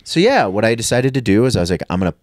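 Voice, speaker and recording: A lively-voiced man telling a story in casual chat, his pitch rising and falling as he acts out the other people in it. His voice sits a little low, and the room sounds dry and close. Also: very fast, no echo. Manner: animated, acts out quoted voices. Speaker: guest comedian.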